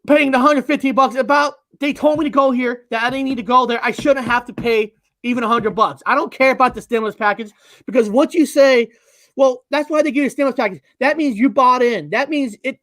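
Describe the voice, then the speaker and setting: A man's voice: very high-pitched, brisk, a bit bright, no echo, clean studio sound. A man hosting a casual chat, ranting angrily with lots of swearing and repeated words. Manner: angry, profane, repeats himself. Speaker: podcast host.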